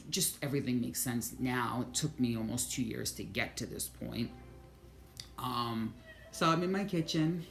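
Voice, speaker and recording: A woman vlogger telling a spiritual story in casual, profane talk, moving between hushed and excited. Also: a bass voice, vocal fry, roomy sound.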